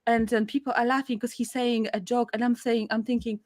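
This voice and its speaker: A woman guest telling a personal story in casual conversation, animated and laughing often, her voice jumping high when excited. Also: a little fast, dry recording, clean studio sound.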